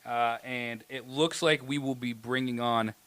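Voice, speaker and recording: A man's voice: mid-range voice, steady tone, measured pace, fairly bright tone. A man co-hosting a casual podcast, playful and laughing at his own jokes. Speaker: podcast co-host.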